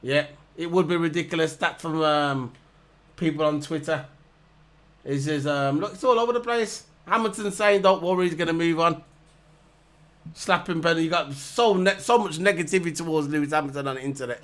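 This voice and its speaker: Casting note: man, high voice, heated mocking vlog rant full of repetition. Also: brisk, a bit bright. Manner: heated, repetitive, mocking, hammers points over and over. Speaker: vlogger reviewing races. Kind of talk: ranting casual monologue to camera.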